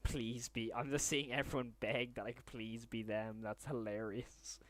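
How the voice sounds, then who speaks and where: A man live streaming, stunned and repeating himself in disbelief, swinging between loud outbursts and low muttering. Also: little pitch movement, normal speed, no room sound. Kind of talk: live stream reaction to chat.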